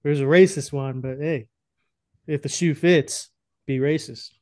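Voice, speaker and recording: A young man chatting loosely on a podcast, rambling and crude and often breaking into laughter. His voice sits a little high. The sound is dry and close. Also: steady tone, a little slow, a little mellow, no echo. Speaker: podcast co-host. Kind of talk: casual chat.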